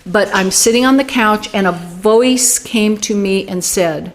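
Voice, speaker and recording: A woman's voice: medium pitch, measured pace, hardly any pauses. A woman in her sixties, a guest in an interview, telling a personal story with animation and acting out the quoted dialogue. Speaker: guest, UFO group director.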